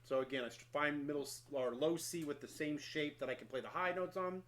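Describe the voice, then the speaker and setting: A middle-aged brass player, candid and self-deprecating, casually walks through his daily practice routine in an instructional talk, thinking aloud with small restarts. His voice is on the high side, fairly quick, and fairly bright in tone.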